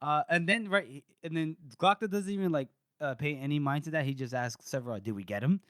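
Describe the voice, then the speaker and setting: A man's voice: on the high side, fairly even intonation, a little fast, a bit bright, no echo, studio quality. A man co-hosting a casual book podcast, animatedly retelling scenes, acting out quotes and swearing. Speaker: podcast co-host.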